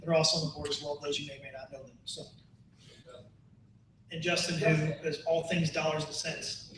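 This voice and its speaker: A man's voice: fairly high pitch, level tone, normal speed, a bit bright, a little hiss or hum. A man on a board introducing people at a meeting, talking in a rambling, chatty way. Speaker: board member. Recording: roomy room from far off.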